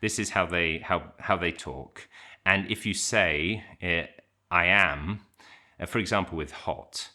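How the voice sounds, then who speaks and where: Man, middle-aged, very deep voice, bright forceful tone, casual reflective talk, hesitant, lots of fillers and restarts. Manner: hesitant, many fillers and restarts, thinking aloud. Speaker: English teacher and channel host.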